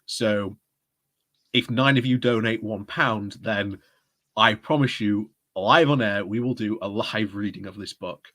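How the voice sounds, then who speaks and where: A man's voice: on the low side, a little slow, fairly bright tone. A man hosting a casual live stream, chatty and often breaking into laughter as he talks. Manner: giggly, chatty, often laughing mid-sentence.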